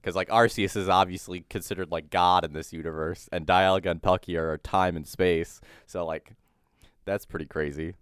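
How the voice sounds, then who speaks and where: A man's voice: deep voice, fairly even intonation, normal speed, a bit bright, clean tone, no room sound, studio quality. A young man co-hosting a casual podcast, laid-back, often chuckling and swearing casually. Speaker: podcast co-host. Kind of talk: casual chat.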